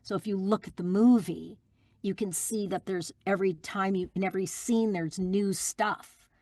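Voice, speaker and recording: A middle-aged woman sits in on an interview as a guest voice actress. She tells her stories in an animated way, with frequent fillers and restarts. Her voice is mid-pitched and the recording is dry and close. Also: moderate pace, no echo. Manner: warm, animated storytelling with fillers. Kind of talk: casual interview chat.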